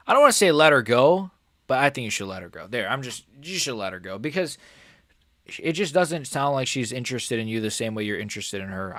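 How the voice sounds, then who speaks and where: A young man streaming a live MMA reaction, excitable and swearing, calling everyone "bro" and swinging between shouted outrage and quiet muttering. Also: mid-range voice, no echo, studio quality. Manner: excitable, swears a lot, says "bro" often. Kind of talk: live fight reaction commentary.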